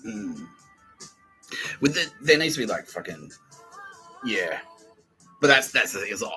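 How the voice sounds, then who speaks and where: A low-pitched man hosts a foul-mouthed comedy podcast, his delivery bright and forceful. He laughs often and slips into mocking impressions with swooping pitch. Faint music plays underneath. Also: big pitch swings, measured pace, pauses often, rough recording. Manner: swears a lot, mimics people in quoted asides, laughs often. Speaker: podcast host. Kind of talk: crude comedic podcast banter.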